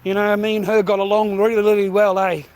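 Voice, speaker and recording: Rambling high-voiced Australian man. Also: flat delivery, quick pace, darkish tone. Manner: rambling, swearing, calls viewers mate and bro. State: out of breath carrying a heavy bag. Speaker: vlogger. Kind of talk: casual walking vlog. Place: outdoors walking in street. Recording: faint traffic noise outdoors.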